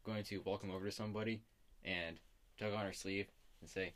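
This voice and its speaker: A man's voice: fairly low pitch, fairly even intonation, fairly quick, a bit bright. A man playing a character in a tabletop role-playing game, easygoing and polite. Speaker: player. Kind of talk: casual tabletop role-play.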